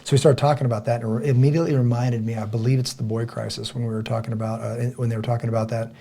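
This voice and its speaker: A man with a gravelly, husky voice co-hosts a casual podcast. He tells stories with energy and acts out the lines he quotes. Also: mid-range voice, racing. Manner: animated storyteller, acts out quoted dialogue loudly. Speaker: podcast co-host.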